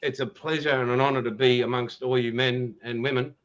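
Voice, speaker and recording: A man's voice: mid-range voice, steady tone, a little fast, lo-fi sound. A man with an Australian accent chatting casually as a livestream guest, laid-back and chummy, calling people mate, with plenty of ums. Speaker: guest, YouTube scale-model channel host.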